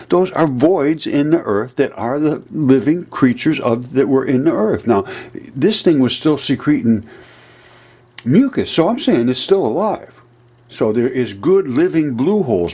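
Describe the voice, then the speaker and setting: A man hosting his own channel, talking through his theories in a rambling, emphatic monologue that swings between low mutters and heated, aggrieved outbursts. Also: darkish tone, husky. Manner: speculative, free-associating, restarts mid-thought. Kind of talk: rambling screen-share monologue.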